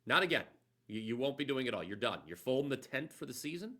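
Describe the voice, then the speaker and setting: A man's voice: mid-range voice, very animated, fast talker, sharp tone. A man hosting a sports betting show, talking casually and upbeat like an announcer.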